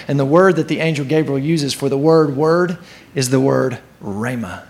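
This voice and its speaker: A man pastor preaching to his church in an animated way, sometimes acting out the voices in the story. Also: on the high side, moderate pace. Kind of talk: sermon.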